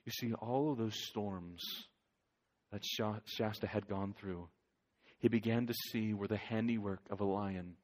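A male pastor preaching a sermon, swinging from loud urging to near whisper. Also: fairly low pitch, steady tone, measured pace.

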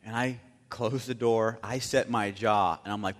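A male pastor with a fairly low voice delivers a sermon as a vivid story. He swings from loud bursts down to near-hushed asides. His words trail off into a long, ringing reverb from a large hall. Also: fairly even intonation, unhurried.

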